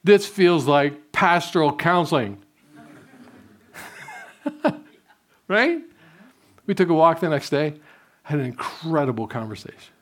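An older man preaches in an easy, conversational way. He tells his stories directly to the congregation. His voice falls soft and low whenever he quotes his own prayers. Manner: conversational storytelling, drops softly when quoting prayers. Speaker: pastor. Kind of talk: sermon.

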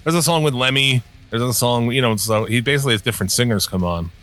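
A man's voice: mid-range voice, fast talker, fairly bright tone, soft background music. A man from the upper Midwest co-hosting a podcast, talking in a profane, rambling, casual way. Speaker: podcast co-host. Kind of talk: casual chat.

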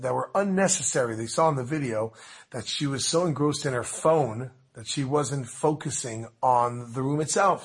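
A man casually telling a religious story in a lively way, full of restarts and asides. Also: medium pitch, breathy edge.

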